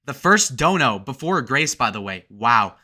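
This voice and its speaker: Bright-voiced man reading his livestream chat. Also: mid-range voice, unhurried. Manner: crude, joking, bursts into loud excited shout-outs. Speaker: livestream host.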